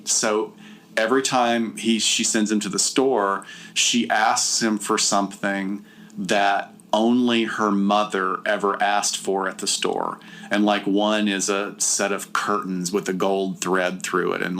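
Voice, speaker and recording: A middle-aged man co-hosting a podcast, chatting casually and retelling a film, jumping into high put-on voices to quote characters. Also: slight background noise. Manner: animated storyteller, jumps into high voices when quoting characters. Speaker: podcast co-host. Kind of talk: casual chat, retelling a film with acted-out lines.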